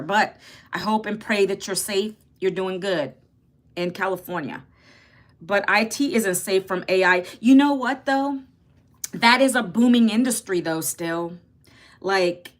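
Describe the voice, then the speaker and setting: A woman's voice: medium pitch, a bit bright. A woman in her fifties from Northern Virginia, hosting a casual livestream, chatting with viewers and answering their comments. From Northern Virginia, United States. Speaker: livestream host. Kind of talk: casual livestream talk, reading chat.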